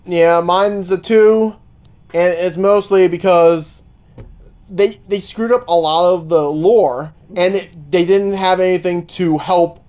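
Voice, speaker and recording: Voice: mid-range voice, steady tone, slow pace, a little mellow. A podcast co-host recapping a movie plot in casual chat, with some swearing.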